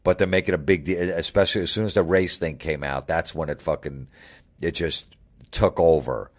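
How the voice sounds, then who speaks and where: A radio host with a very low voice launches into a heated monologue. He swears freely and piles on sarcasm as he mocks the people he is ranting about. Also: fairly even intonation, normal speed.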